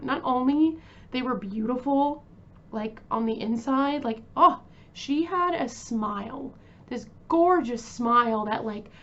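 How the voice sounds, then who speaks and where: True crime host: woman, chatty and emotional, fairly high voice, dull lo-fi sound. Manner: chatty, emotional, many fillers and restarts.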